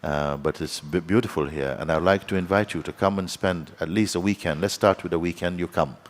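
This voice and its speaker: A man's voice: low voice, a little fast. A man, a spiritual teacher, telling a story at a satsang and acting out the voices of its people, chuckling as he goes.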